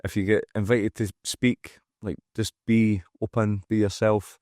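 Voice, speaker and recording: A man's voice: lowish voice, flat delivery, unhurried, darkish tone, no echo. A man with a Scottish accent, a gym owner speaking as a podcast guest, frank and emphatic, swearing freely and acting out what people say. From Scotland. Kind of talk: candid podcast conversation. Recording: dry close-miked studio sound.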